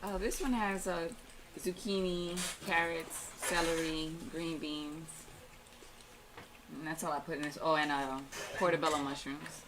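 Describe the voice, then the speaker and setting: Low-voiced woman explaining her food. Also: fairly even intonation, measured pace, background noise. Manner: plain, matter-of-fact explaining. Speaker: guest, vegan restaurant owner. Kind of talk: casual interview answers. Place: radio studio.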